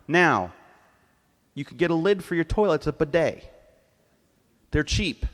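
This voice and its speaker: A middle-aged cartoonist on a convention stage, telling crude comic stories in an animated way and laughing with the crowd. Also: male voice, on the high side. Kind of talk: comic live storytelling. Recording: long hall reverb.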